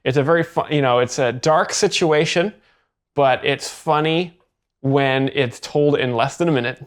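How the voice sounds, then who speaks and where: A man giving deadpan mock expert commentary on a comedy set, halting and restarting his sentences. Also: on the high side. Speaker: comedy show host.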